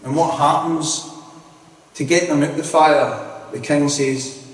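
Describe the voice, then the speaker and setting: A man's voice: mid-range voice, steady tone, measured pace. Man, earnest rambling sermon testimony, distant mic, long reverb. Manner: earnest, rambling, self-interrupting. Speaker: lay preacher giving testimony. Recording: echoey hall, distant mic.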